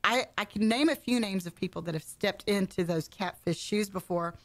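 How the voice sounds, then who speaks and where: Woman, radio guest host, chatty, bubbly, quick to laugh. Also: mid-range voice. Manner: chatty, bubbly, self-deprecating, laughs often. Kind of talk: casual radio chat.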